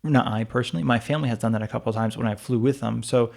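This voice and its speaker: Fast-talking man telling a rambling story. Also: medium pitch, fairly even intonation, gravelly, a little mellow. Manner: rambling storytelling with many restarts and asides. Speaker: podcast co-host. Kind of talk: casual chat.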